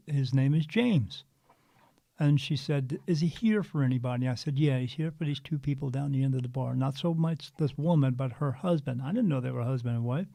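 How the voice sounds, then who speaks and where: A man in his fifties, a spiritual medium guest, telling a story in an earnest, animated way with frequent restarts. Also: a little high, gravelly, dry recording. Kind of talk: casual storytelling interview.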